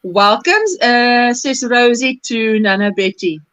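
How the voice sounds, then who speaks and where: A woman's voice: fairly high pitch, takes it slowly, fairly bright tone, smooth, dry recording, poor audio. A woman hosting a crochet livestream, chatting casually, laughing often and reading viewer comments aloud. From South Africa.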